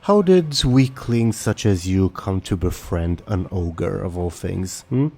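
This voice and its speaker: Man doing a brutal one-eyed ogre chief, low rumbling voice, slow grunting speech, haughty and menacing, broken grammar, tabletop game figure. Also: gravelly, mellow, husky, heavily acted.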